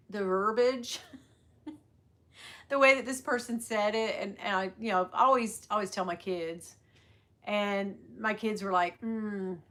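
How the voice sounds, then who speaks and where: Chatty bright-voiced woman livestreaming. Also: fairly high pitch. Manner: rambling, chatty, greets viewers by name. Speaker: livestream host selling bags. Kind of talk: casual livestream chat. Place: at work on a sales floor.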